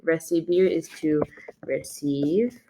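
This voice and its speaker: A woman's voice: low voice, slow pace, dark tone, slight background noise. A young woman teaching a video lesson, going over her class notes in a casual, chatty way with plenty of fillers. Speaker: Spanish teacher. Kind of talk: recorded classroom lesson walkthrough.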